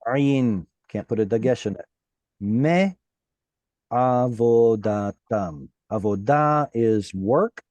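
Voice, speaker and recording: A man's voice: mid-range voice, mellow, dry recording. A man teaching a Hebrew class online, walking students through words and patiently asking them questions.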